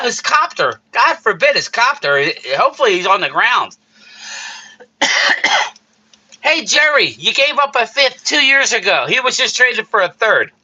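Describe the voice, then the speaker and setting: A man hosts a casual live stream, ranting about sports in a heated, worked-up way and calling out replies to chat. His voice sits high and sounds strikingly bright and forceful. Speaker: streamer host reading chat.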